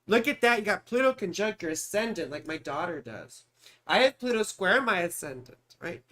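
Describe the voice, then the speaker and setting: This man in his forties from California has a high, very animated voice with a sharp tone, speaking at a moderate pace. He's an astrologer on a casual live stream, rambling through chart readings, muttering as he searches and addressing viewers by name.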